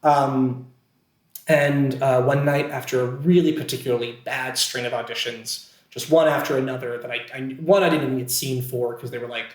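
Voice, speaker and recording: A man's voice: medium pitch, steady tone, normal speed. A man from Pennsylvania, a podcast guest and actor, telling a story casually with lots of fillers and self-deprecating asides. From Scranton, Pennsylvania, USA. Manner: chatty and self-deprecating, many fillers and restarts. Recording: roomy, echoey sound.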